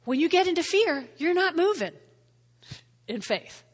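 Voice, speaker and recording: In a large hall with long reverb, a woman pastor delivers a conversational sermon, frequently checking in with her audience and repeating key phrases to stress them. She speaks a little slowly in a very high voice with big pitch swings.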